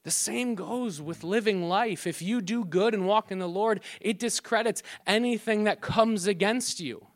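High-voiced pastor preaching casually. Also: male voice, unhurried, few pauses. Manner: conversational preaching with joking asides and acted-out quarrels; repeats words and restarts often. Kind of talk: sermon.

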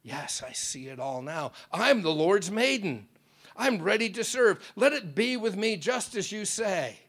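A preacher voicing Mary as a humble, devoted young woman who speaks in a soft, earnest voice. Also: high voice, very animated, a little slow, pitched above the performer's own voice, exaggerated voice. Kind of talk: dramatic sermon storytelling.

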